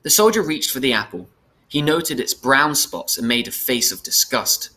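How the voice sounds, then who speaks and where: Brief: man with a bright, tense tone reading a children's storybook aloud, steady and plain. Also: mid-range voice, normal speed. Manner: plain, steady reading with small self-corrections. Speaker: reader.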